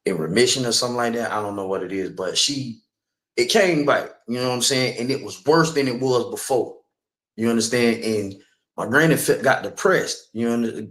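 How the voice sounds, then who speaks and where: In an echoey room, a man with a mid-range, slightly bright voice gives his personal testimony as part of a sermon. He keeps the tone conversational, constantly asking the audience "you know what I'm saying."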